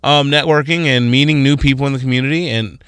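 A man co-hosting a morning radio show, telling stories with energy and slipping into high voices when quoting people. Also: quick pace, clear, resonant tone, no room sound, clean studio sound. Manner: animated storytelling, voicing others in high tones. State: tired after a night of drinking. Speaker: radio co-host. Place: radio studio.

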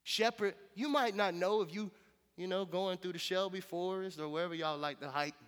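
High-voiced pastor preaching in a hall. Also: male voice, steady tone, moderate pace, fairly bright tone, smooth. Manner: conversational, storytelling with casual slang. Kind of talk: sermon. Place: church sanctuary.

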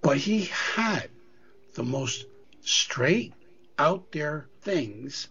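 A man's voice: fairly high pitch, lively intonation, extremely slow, bright, forceful tone, a little hiss or hum. A middle-aged man from the US East Coast, co-hosting a podcast in casual chat; he rambles, restarts and swears. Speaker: podcast co-host. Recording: dull lo-fi audio.

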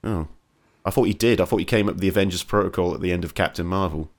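A man's voice: low-pitched, very fast. A man co-hosting a podcast, rambling and self-correcting in casual chat. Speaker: podcast co-host.

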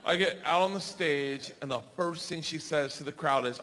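A man in his forties doing stand-up storytelling on a live stage, loud and profane, building to shouts. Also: a little high, moderate pace, hardly any pauses. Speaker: stand-up comedian. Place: comedy stage before a crowd. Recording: live stage with audience noise.

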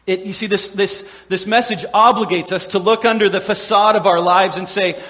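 A man preaching a sermon as a pastor, animated and playful, acting out quoted voices with humor. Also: high voice, moderate pace, in a large hall.

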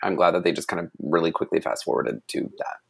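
Gravelly low-voiced man chatting on a podcast. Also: fast. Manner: chatty, frequent fillers. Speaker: podcast co-host. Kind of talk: casual chat.

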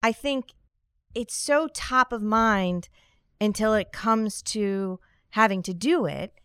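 A woman's voice: mid-range voice, slow, a bit bright, clean tone, no echo. A woman hosting a scripted podcast conversation, upbeat with a dry, sarcastic humor. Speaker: podcast host.

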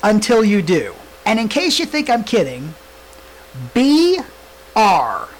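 A man's voice: high voice, sing-song, moderate pace, poor audio. Laughing, teasing male podcast co-host. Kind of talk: casual chat.

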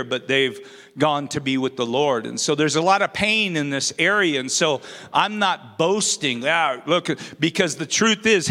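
A man's voice: a little high, sharp tone. A man in his forties preaching a sermon, earnest and self-deprecating, with playful outbursts. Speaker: pastor. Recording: reverberant hall.

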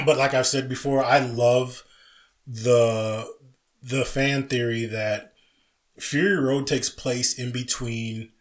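A man's voice: medium pitch, fairly even intonation, slow, a bit bright. A man co-hosting a podcast, chatting casually and eagerly about movie trivia with frequent restarts. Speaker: podcast co-host. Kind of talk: casual chat.

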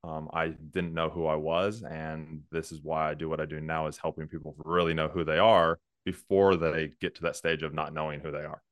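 Interview guest: very low-voiced man, ex-cop, smooth and dry, laughs easily. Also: moderate pace, few pauses, no echo. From United States. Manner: relaxed, laughs often, restarts sentences. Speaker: former police officer, guest. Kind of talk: casual interview conversation.

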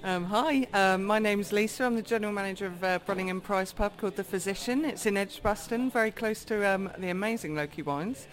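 A woman's voice: mid-range voice, fairly quick, few pauses. A woman who manages a pub, answering interview questions hesitantly with many fillers.

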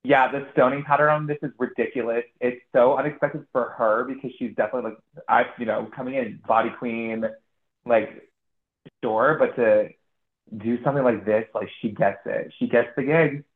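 A man chats as a podcast guest, his mid-range voice coming through a thin, phone-like line. He talks in a relaxed, halting way, leaning on filler words as he reacts. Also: mid-range voice. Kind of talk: casual chat.

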